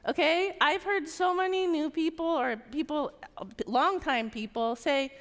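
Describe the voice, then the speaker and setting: High-voiced woman coaching a big conference crowd. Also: unhurried, a bit bright. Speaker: sales trainer. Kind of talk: conference stage talk. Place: large conference hall. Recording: long hall reverb.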